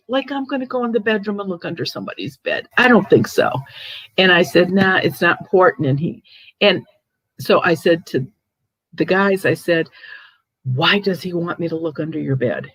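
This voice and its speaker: A woman's voice: fairly low pitch, moderate pace, husky, no echo, low-quality recording. Chatty older woman telling stories. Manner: chatty, animated storyteller with laughs and restarts. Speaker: host, ghost medium. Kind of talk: casual chat, storytelling.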